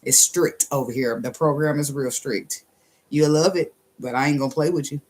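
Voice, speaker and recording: A woman's voice: deep voice, darkish tone. A woman giving a casual tarot reading in a blunt, sassy, profane way, laughing often and drawing out phrases for emphasis. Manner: drawls some phrases slowly for emphasis. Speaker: tarot reader.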